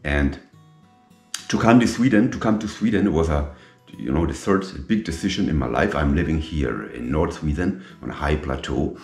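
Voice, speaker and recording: A middle-aged man, a native German speaker, telling his own story slowly and emphatically in English, repeating himself and dropping in French military terms. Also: a bass voice. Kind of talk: personal storytelling monologue. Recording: echoey room with faint guitar music.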